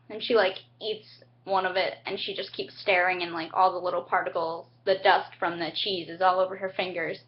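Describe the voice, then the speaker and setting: Young woman rambling thru a tv recap at home, bubbly, squeaks up for quotes, kinda muffled lo-fi audio. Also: little pitch movement, fairly quick, hardly any pauses. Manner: chatty, bubbly, acts out characters' lines with big jumps in pitch. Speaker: TV recap vlogger. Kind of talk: casual TV episode recap. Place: home, indoors. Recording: dull lo-fi home webcam audio.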